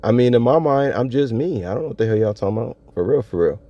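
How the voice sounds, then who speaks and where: A man's voice: mid-range voice, animated, quick pace, dry recording. A man talking casually to his viewers in a solo monologue, laid-back and slangy, often breaking into laughter. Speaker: vlogger. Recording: dull lo-fi audio.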